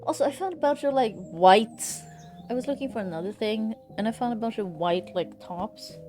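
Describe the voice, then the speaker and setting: A woman's voice: on the high side, normal speed, dark tone, soft background music. A woman streamer chatting casually and reading game text aloud, chatty and self-mocking.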